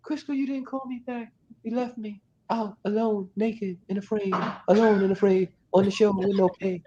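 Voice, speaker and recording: A man's voice: fairly even intonation, normal speed, dark tone, dull audio, slight background noise, lightly acted. A man putting on a whiny abandoned lover. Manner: high whiny dramatic pleading. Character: anxious needy man feeling abandoned.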